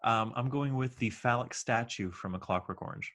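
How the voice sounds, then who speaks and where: A man's voice: medium pitch, normal speed, a bit bright. A man co-hosting a podcast in casual chat, telling long rambling stories full of fillers and restarts. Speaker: podcast co-host.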